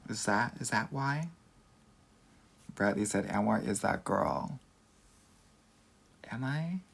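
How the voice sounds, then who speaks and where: A man's voice: on the low side, lively intonation, takes it slowly, a bit bright. A man from Southern California with a Valley accent, a dating coach doing a casual livestream Q&A, sassy and campy, calling everyone "girl.". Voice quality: creaky.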